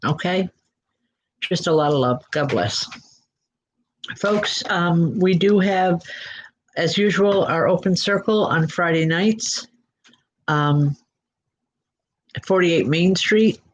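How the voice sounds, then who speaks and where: A woman working as a psychic medium, giving spirit readings in a gentle, reassuring way and speaking straight to listeners by name. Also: fairly low pitch, a little hiss or hum. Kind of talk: live spirit readings and announcements. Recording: dull lo-fi recording.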